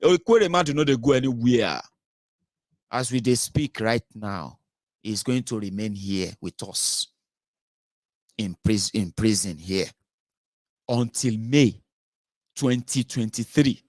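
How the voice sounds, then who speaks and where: A Nigerian man giving casual political commentary, animated and switching into Pidgin. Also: fairly low pitch, slow, long pauses, dry recording, studio quality. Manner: animated, mixes Pidgin, mimics voices. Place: United Kingdom.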